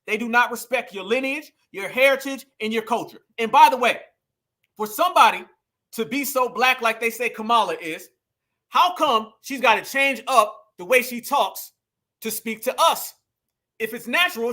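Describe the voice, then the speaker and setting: High-voiced fired-up commentary man. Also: lively intonation, moderate pace, sharp tone. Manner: preachy, addresses viewers as family and y'all. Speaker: political commentary host. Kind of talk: casual political commentary.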